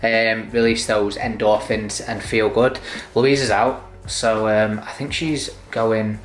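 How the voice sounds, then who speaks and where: A man's voice: lowish voice, flat delivery, slow, soft background music. A young man, a new father chatting casually and joking on his vlog. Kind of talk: casual chat.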